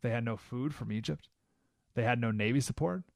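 A man's voice: medium pitch, fairly quick, vocal fry, no room sound. A man hosting a talk radio show, giving an emphatic monologue full of rhetorical questions in a studio. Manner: emphatic, rhetorical questions, keeps asking "right?".

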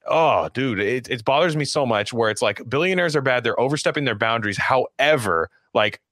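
A man's voice: medium pitch, brisk, fairly bright tone, no echo, clean studio sound. A man co-hosting a podcast in casual political chat, rambling with many restarts, fillers and swearing. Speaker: podcast co-host.

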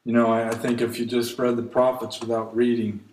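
A man's voice: medium pitch, monotone, fairly quick, darkish tone, reverberant, slight background noise, poor audio. A man preaching a sermon, reading scripture aloud and pleading earnestly with his listeners. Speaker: pastor.

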